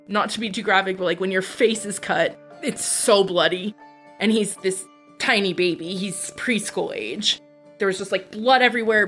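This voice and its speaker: A woman's voice: mid-range voice, a bit bright. A woman, a podcast guest, telling her own life story in a blunt, candid, profane way. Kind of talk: personal storytelling.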